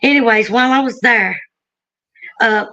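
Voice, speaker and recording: A woman's voice: fairly high pitch, normal speed, sharp tone, dull audio. A woman from Alabama with a Southern accent, telling her story in a chatty, rambling way with frequent laughs. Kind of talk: casual storytelling on a live stream.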